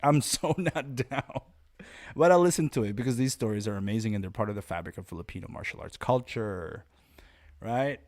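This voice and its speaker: A man hosting a casual podcast monologue, talking in a blunt, profane, rambling and animated way as a martial arts instructor. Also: medium pitch, brisk.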